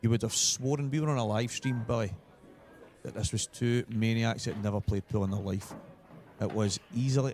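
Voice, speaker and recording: Storytelling Scottish pool commentator. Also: male voice, medium pitch, slight background noise. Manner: storytelling, animated in retold quotes. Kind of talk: live sports commentary. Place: commentary position at a venue.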